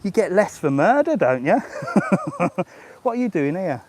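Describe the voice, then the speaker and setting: A man's voice: high voice, huge pitch swings, unhurried, a little mellow, no echo. Chatty, chuckling man on a walk. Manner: chatty, jokey, chuckles often. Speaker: travel vlogger. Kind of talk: live-streamed walking vlog. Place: outdoors in a resort hotel grounds. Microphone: handheld gimbal camera.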